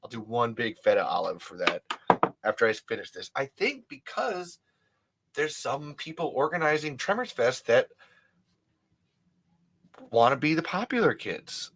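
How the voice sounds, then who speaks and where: A man's voice: mid-range voice, very animated, unhurried, pauses often, fairly bright tone, slight background noise. A man in his thirties hosting a casual livestream, rambling emphatically with many restarts and frequent swearing. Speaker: livestream host.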